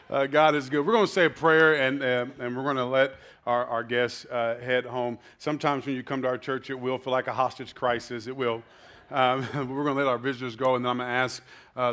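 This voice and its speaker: A man's voice: medium pitch, a bit bright, a little hiss or hum. A man pastor speaking casually to his congregation, joking with fillers as he moves into the service. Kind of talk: church announcements. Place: church sanctuary.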